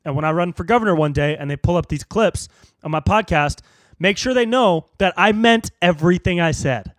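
A young man hosting a solo podcast, ranting in a profane, animated way and jumping into squeaky high voices for jokes. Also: brisk, no room sound, clean studio sound. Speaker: podcast host.

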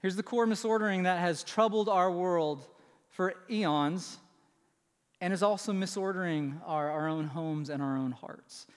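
A male pastor delivers his sermon in a conversational way, often turning to the congregation with quick asides. His voice sits a bit higher than most men's. It rings out with a long reverb in a large church sanctuary. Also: clean tone.

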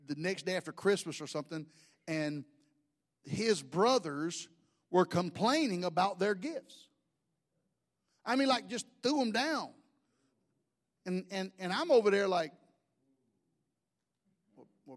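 A middle-aged man, preaching a sermon in a folksy, humorous storytelling way. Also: high voice. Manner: folksy, humorous, animated storytelling with mimicked voices. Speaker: pastor.

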